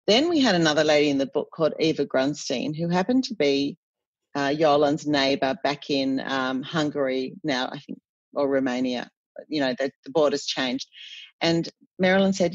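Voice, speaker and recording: A woman, an interview guest chatting in an animated storytelling way with frequent self-corrections. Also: deep voice, normal speed, no echo. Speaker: cookbook author guest. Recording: dull, dry podcast audio.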